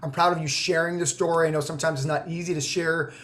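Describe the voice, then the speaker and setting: A man with a high voice hosts a video call interview. He gushes with praise, full of fillers and emphatic encouragement. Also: steady tone, fast talker, a bit bright. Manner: effusive, gushing, filler "like" and "girl". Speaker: host, notary trainer. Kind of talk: emotional interview chat.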